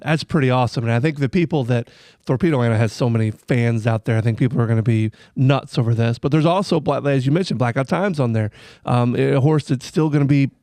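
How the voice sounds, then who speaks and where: A man's voice: mid-range voice, dry recording. Casual male podcast host, dry sound. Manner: relaxed, casual questions with fillers. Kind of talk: podcast interview.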